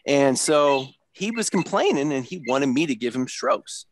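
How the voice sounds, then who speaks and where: A man who is a podcast guest and former football player, telling animated stories in a casual chat. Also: medium pitch, unhurried, dry recording. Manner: animated, acts out quotes.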